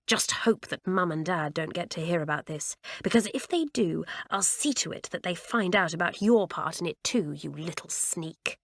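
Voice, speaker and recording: A woman's voice: fairly low pitch, expressive, normal speed, hardly any pauses, no room sound, studio quality. A woman voicing a protective teenage boy in an audiobook, curt and hissing when angry. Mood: furious. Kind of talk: audiobook character reading.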